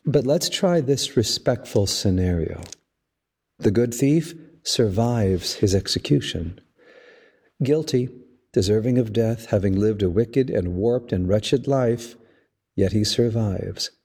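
Slow, husky-voiced priest. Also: male voice, on the low side, lively intonation, darkish tone. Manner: slow, measured, storytelling delivery. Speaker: priest and podcast host. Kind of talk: reflective spoken homily.

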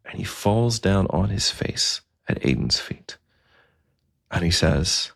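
A man's voice: deep voice, lively intonation, slow pace, vocal fry, fairly bright tone, slightly rough, no room sound, studio quality. A man telling a story in a conversational, vivid style. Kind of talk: storytelling narration.

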